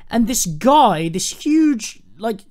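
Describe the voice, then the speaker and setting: A man's voice: high-pitched, sing-song, slow pace, darkish tone. A man co-hosting a podcast, swearing and ranting animatedly about a film in casual chat. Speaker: podcast co-host.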